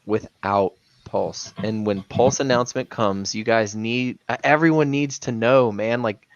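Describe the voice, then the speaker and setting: A man's voice: mid-range voice, moderate pace, no echo. Emphatic man on a dull lo-fi mic. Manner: emphatic, says "man" a lot. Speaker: crypto livestream co-host. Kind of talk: casual livestream chat.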